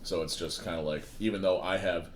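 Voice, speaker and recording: A man's voice: low-pitched, steady tone, fairly quick, slight background noise. A tired man co-hosting a casual tabletop gaming chat, explaining his points step by step in a laid-back way. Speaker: co-host.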